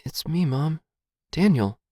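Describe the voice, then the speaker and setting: A man voicing a strange, listless young man hiding in a dark cave, speaking in a faint, breathy whisper with slow, childlike fragments. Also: a little high, expressive, dry recording, studio quality, voice pushed up. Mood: pleading.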